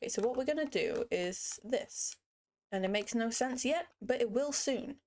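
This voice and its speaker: A woman's voice: on the high side, expressive, moderate pace, darkish tone. A young woman narrating a game building tutorial in a playful, rambling way, full of self-mocking asides. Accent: puts on a mock accent at times. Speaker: Minecraft build tutorial creator. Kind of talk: casual screen-recorded game tutorial.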